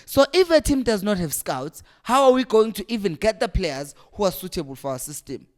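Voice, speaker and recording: A man's voice: high-pitched, big pitch swings, a little fast, a little mellow. A young man hosting a fan channel, ranting with exasperation and hammering rhetorical questions. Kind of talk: passionate fan rant to camera.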